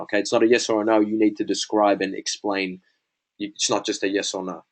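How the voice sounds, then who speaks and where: A man's voice: fairly low pitch, level tone, fairly quick. A man giving a casual sales lesson, chatty and full of "bro" and "man", acting out sample conversations. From Australia. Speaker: sales coach. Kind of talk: casual teaching talk.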